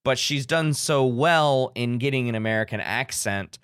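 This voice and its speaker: A medium-pitched man with a clear, resonant, slightly bright voice talks about a movie on a podcast at a moderate pace, rambling casually and frequently starting over. The recording has no room sound and clean studio quality.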